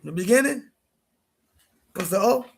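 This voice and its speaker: Man, high voice, gravelly, husky, casual livestream talk, emphatic and repetitive. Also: expressive, unhurried. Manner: repetitive, emphatic, conversational with slang. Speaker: streamer host.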